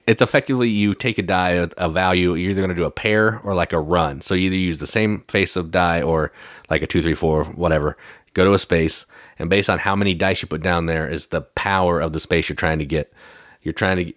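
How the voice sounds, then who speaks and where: Man, podcast co-host, very deep voice, relaxed rambling explanations, dry close sound. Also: dry recording. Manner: relaxed, explains rules with fillers like "like" and "um". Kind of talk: casual board game chat.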